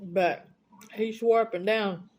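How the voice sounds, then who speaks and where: A woman's voice: mid-range voice, steady tone, takes it slowly, darkish tone. A woman with a Southern US accent, chatting casually as a vlogger and bluntly retelling an argument, quoting both sides. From United States. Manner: blunt, indignant, retells arguments with quoted dialogue. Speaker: mukbang vlogger. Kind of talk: casual storytelling chat.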